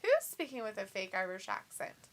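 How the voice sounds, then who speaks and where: A woman's voice: mid-range voice, wildly swooping pitch, normal speed. A woman co-hosting a casual live chat show, reading viewer comments aloud and laughing often. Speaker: co-host.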